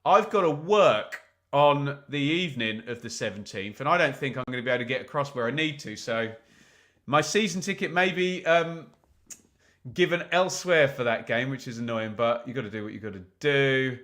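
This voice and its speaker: A man's voice: mid-range voice, normal speed, fairly bright tone. Chatty man hosting a stream. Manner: chatty, rambling, frequent "um" fillers. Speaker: host of a live football watch-along stream. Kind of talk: casual live-stream chat, reading viewer comments.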